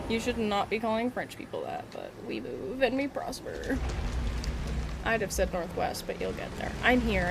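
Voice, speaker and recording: Chatty woman streaming a game, noisy mix. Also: fairly high pitch. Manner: chatty, answers chat, playful asides and giggles. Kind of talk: casual live-stream gameplay chat. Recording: clear game noise under the voice.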